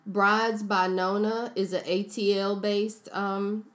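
A woman's voice: mid-range voice, level tone, slow. A woman co-hosting a casual podcast chat, talking through recommendations with plenty of fillers. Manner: chatty, recommends businesses with frequent fillers. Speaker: podcast co-host.

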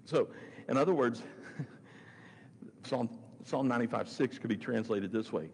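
A man's voice: mid-range voice, unhurried, vocal fry, slightly rough. A man preaching a sermon, stressing his points by repeating phrases. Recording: long hall reverb with faint noise.

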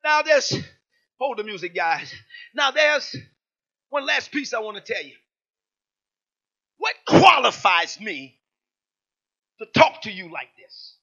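A man preaching with fervor, shouting declarations and leading the congregation in call-and-response. His voice is high, bright and husky. The recording is dull and lo-fi. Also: very animated, takes it slowly, long pauses. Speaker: pastor.

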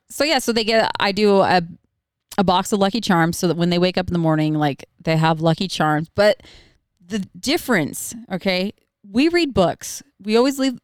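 A woman's voice: fairly low pitch, clean tone, no echo, studio quality. A woman co-hosting a podcast, chatting casually about her kids, rambling and laughing often. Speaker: podcast co-host. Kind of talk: casual chat.

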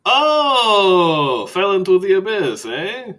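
A man's voice: high-pitched, sing-song, slow, sharp tone, pitched above the performer's own voice, exaggerated voice. Man putting on a warbling cheerful vampire. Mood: cheery. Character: cheerful, friendly male vampire of the night market.

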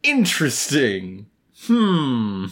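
A man co-hosting a TV recap podcast, trading wry jokes and quick quips in casual chat. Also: medium pitch, wildly swooping pitch, fairly bright tone. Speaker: podcast co-host.

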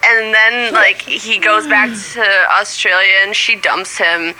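A woman's voice: mid-range voice, unhurried, background noise. A woman leaving a voicemail, telling a crude story in a casual way and swearing freely. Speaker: voicemail caller.

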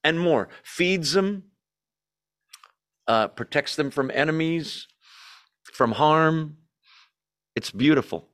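A man's voice: fairly high pitch, lively intonation, slow pace, long pauses, fairly bright tone. A man preaching a conversational sermon to a group, with joking asides and questions put to the audience. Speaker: pastor. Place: church meeting streamed on a video call.

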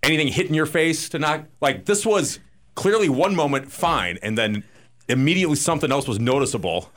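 A man's voice: on the high side, expressive, a little fast, a bit bright. A man co-hosting a radio talk show, telling a long story with lots of restarts and acted-out asides in a casual studio chat.

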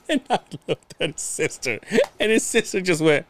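A podcast co-host with a slightly high, clear and resonant voice talks fairly quickly in a dry recording. Chatting casually, he animatedly narrates a story, mimics the people in it, and swears and laughs throughout.

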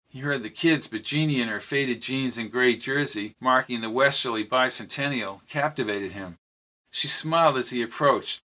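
Bright-voiced man narrating a story. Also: moderate pace. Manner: reads dialogue with lifted pitch for characters. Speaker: audiobook narrator. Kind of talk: scripted narration of a novel.

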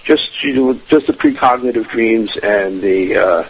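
A husky man with a lowish voice tells a family story as a radio guest, wandering through his tale with restarts and fillers. His voice sounds a little rough, and the delivery stays plain and conversational. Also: measured pace, rough recording. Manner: rambling, with many restarts and fillers. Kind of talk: telling a family ghost story in a radio interview.

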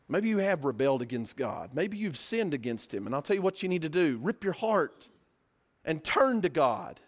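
A man preaching a sermon, earnest, building to emphatic peaks and then dropping to quiet, slow lines. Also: a little high.

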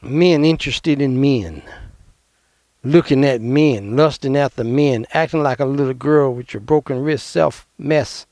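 A man preaching a fiery sermon as pastor, emphatic and confrontational, with sudden loud outbursts. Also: medium pitch, unhurried, no room sound, clean studio sound.

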